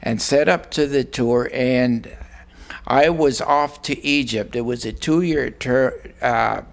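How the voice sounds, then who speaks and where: An older man from Arizona, telling a personal story in a plain, unhurried way with frequent pauses. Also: medium pitch, creaky. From Arizona, USA. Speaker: guest recounting a personal experience. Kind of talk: storytelling monologue.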